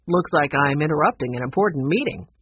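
A narrator voicing an older grandfather who explains things calmly and brushes off a ghost story. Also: medium pitch, fast talker, slight background noise, lightly acted. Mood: matter-of-fact. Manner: calm, dismissive explaining. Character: skeptical, steady grandfather, older man. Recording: dull, slightly lo-fi recording.

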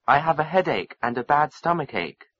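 A man's voice: fairly high pitch, big pitch swings, normal speed, fairly bright tone, dry recording. A man reading a sick boy who complains from his bed in a textbook dialogue. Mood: complaining. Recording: dull lo-fi recording.

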